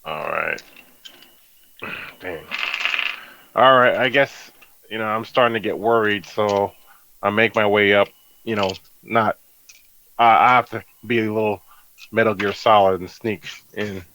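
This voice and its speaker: A man's voice: lowish voice, measured pace, pauses often, sharp tone, slight background noise, rough recording. A man playing a tabletop game, asking questions in a hesitant way as he thinks aloud. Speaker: player. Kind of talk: casual tabletop play.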